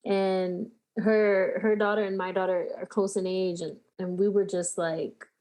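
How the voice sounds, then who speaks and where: A woman's voice: mid-range voice, flat delivery, a little slow, a little mellow. A woman, a guest on a podcast, speaking earnestly and casually, repeating her point for emphasis. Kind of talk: casual chat.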